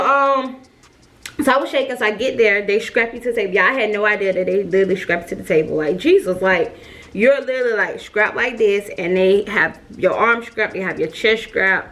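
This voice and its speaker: A woman's voice: medium pitch, fairly quick, a bit bright. Chatty woman telling a storytime. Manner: chatty, talks straight to viewers with lots of fillers. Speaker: mom vlogger. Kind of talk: casual storytime to camera.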